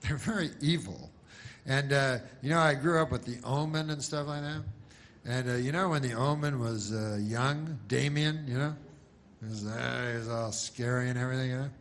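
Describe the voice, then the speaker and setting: Deadpan rambling middle-aged man. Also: medium pitch, moderate pace, slight background noise. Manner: deadpan, meandering with many fillers. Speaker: comedian. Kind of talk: rambling comedic storytelling.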